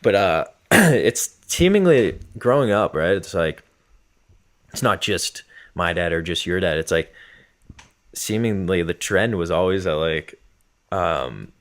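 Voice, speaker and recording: A man's voice: low-pitched, expressive, slow. A young man co-hosting a podcast, rambling casually with lots of filler words. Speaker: podcast co-host.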